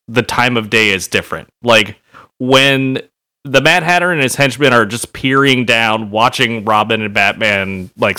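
Brief: man, podcast co-host, bright and animated, unhurried delivery. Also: medium pitch. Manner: laughs often, animated riffing. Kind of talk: casual chat.

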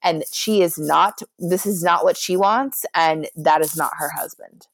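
A young woman co-hosting a casual podcast, recapping a reality show in an animated, profane way and acting out quotes. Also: fairly low pitch, a little slow, dry recording, studio quality. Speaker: podcast co-host.

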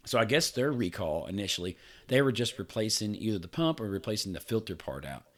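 A man's voice: lowish voice, sing-song, a little fast. A man, chatting casually on a podcast. He rambles through a long story, swearing freely and laughing along the way. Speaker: podcast co-host. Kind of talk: casual chat.

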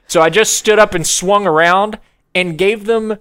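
A young man with a smooth, clear voice that sits a little high for a man. He tells stories in an animated way in a relaxed chat and laughs often. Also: normal speed. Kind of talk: casual chat.

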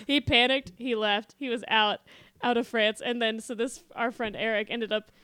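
A young adult woman in casual chat, telling an animated story full of quoted voices and frequent laughter. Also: on the high side, moderate pace, clear, resonant tone, no echo. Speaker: guest telling a travel story.

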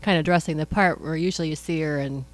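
A woman's voice: sits low, quick pace. Easygoing woman podcast co-host. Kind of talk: casual chat.

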